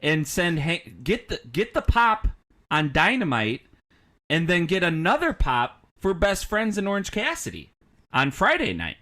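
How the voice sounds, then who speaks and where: A man co-hosting a podcast in casual chat, animated, arguing his picks and mimicking others. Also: sits high, a little slow. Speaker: podcast co-host.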